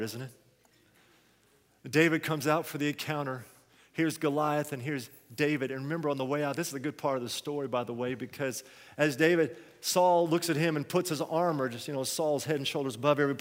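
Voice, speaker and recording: A man preaching a sermon, telling a story with energy and moving from quiet asides to loud exhortation. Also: medium pitch. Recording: long hall reverb.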